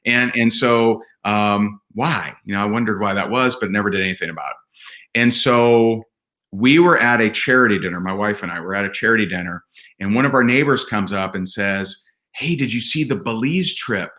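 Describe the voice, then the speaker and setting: A man telling personal stories as a podcast guest, earnest and animated, often restarting his sentences. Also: lowish voice, normal speed. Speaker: podcast guest, event speaker. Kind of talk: candid conversational storytelling.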